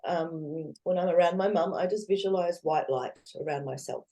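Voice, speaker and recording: A woman's voice: lowish voice, normal speed. A woman, a guest in a casual interview, talking animatedly and acting out what others say. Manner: animated, acts out quoted voices, laughs often.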